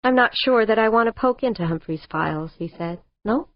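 A woman narrator voicing a composed male corporation head with a measured, wry manner. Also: on the high side, expressive, dry recording. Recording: dull lo-fi audiobook recording.

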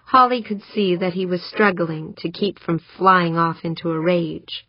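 Husky, low-pitched woman narrator. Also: steady tone, normal speed, few pauses, no echo. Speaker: audiobook narrator. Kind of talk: scripted narration. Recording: dry, dull lo-fi audiobook recording.

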